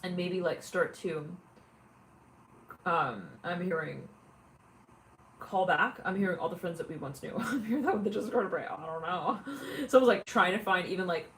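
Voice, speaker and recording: A woman's voice: on the low side, normal speed, pauses often, a little hiss or hum. A woman giving a casual tarot reading, chatty and giggly, often acting out imagined callers. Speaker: tarot reader.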